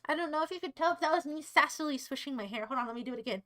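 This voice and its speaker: A woman's voice: sits high, rapid-fire, few pauses, a bit bright, rough recording. A young American woman streaming live, chatting with her viewers in a playful, teasing, rambling way. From United States. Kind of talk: casual livestream chat to viewers.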